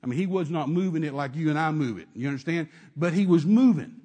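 A male preacher tells a sermon story in an emphatic, repetitive way, circling back over his words. His voice is husky and sits fairly high for a man. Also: animated, quick pace, dark tone.

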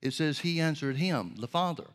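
Man, preacher, sermon, earnest, measured, rhetorical questions, fairly high voice. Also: lively intonation.

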